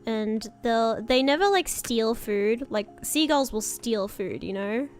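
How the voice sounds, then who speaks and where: Giggly high-voiced woman rambling. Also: animated, slow. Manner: rambling, giggly, lots of fillers. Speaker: streamer. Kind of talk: casual chat while drawing.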